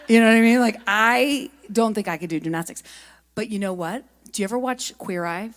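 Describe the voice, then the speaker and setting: A middle-aged woman giving a lively, chatty spiritual talk at a spiritual center, telling stories and asking her audience questions. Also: mid-range voice, a little fast. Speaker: guest speaker and singer.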